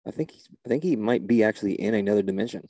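Exasperated man with a gravelly low voice. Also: racing, dark tone, no echo. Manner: exasperated, flustered, repeating himself. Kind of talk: comedy sketch.

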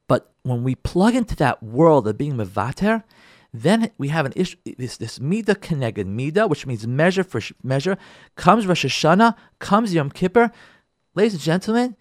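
A show-hosting rabbi with a high-leaning, lively male voice speaks to listeners about Torah, animatedly repeating phrases for emphasis and acting out their voices. The recording is studio quality without echo.

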